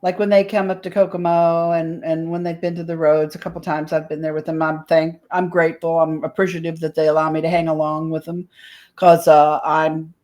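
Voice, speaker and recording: A woman's voice: low voice, level tone, brisk, darkish tone. Older lady cohost, blunt and opinionated, cusses a bit, chatty radio talk. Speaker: radio show co-host. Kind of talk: casual chat.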